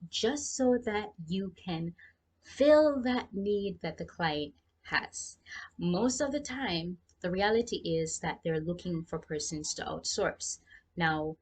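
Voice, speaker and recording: Young Jamaican woman, casual advice vlog, slightly low voice, chatty, speaks straight to viewers. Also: husky. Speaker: freelancing vlogger.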